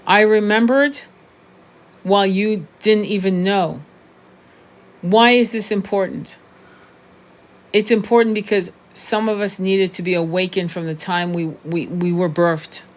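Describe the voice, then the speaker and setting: A woman in her sixties speaks her mind to her followers as a spiritual coach. She is blunt and profane, impassioned, often tripping and restarting mid-phrase. Her voice sits at an ordinary middle pitch. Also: fairly even intonation, a little slow, pauses often. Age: 60s. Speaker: tarot reader and spiritual coach. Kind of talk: unscripted monologue to camera.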